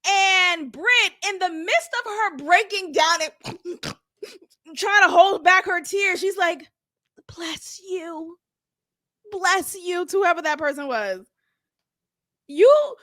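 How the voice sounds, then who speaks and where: A young woman with a high, bright voice recaps a reality show in a casual, sassy way. She is blunt and laughs in asides. The sound is dry and close. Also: no echo. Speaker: reality TV reviewer.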